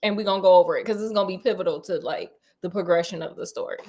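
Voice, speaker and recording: A woman's voice: fairly low pitch, racing. A woman retelling a novel in a sassy, casual chat, speaking straight to her listeners and acting out the characters. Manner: sassy, animated, talks to listeners as "girl" and "honey", acts out the characters. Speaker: storyteller host. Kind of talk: casual chatty book retelling.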